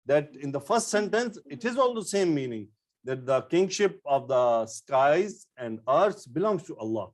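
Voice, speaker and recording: A man with a fairly high voice and big pitch swings teaches an online-style Arabic grammar lecture at a slightly slow pace. He explains step by step, repeats key terms, and uses frequent fillers and restarts.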